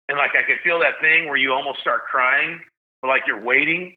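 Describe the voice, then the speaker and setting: A man in his thirties, a podcast guest, telling an emotional story and getting loud as he relives the big moments. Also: medium pitch, fairly quick. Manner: animated, shouts when reliving big moments. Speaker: guest, stadium PA announcer. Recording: slightly dull lo-fi sound.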